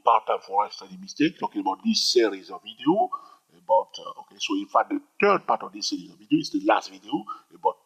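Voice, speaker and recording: This trading teacher's monologue is emphatic and repetitive, peppered with "all right?" check-ins. He has a lowish, somewhat bright voice with a breathy edge, and the recording sounds dull and lo-fi.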